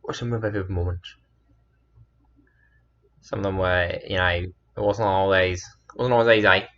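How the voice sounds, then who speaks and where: A man's voice: deep voice, fairly even intonation, moderate pace, fairly bright tone, dull audio, slight background noise. A man telling a personal story in a meandering, earnest way, often correcting himself. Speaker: storyteller vlogger.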